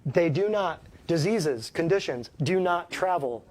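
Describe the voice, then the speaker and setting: A man's voice: fairly high pitch, animated, measured pace, a little mellow. A man who works as a chiropractor, giving a folksy, emphatic health talk to a small live audience and keeps asking them questions.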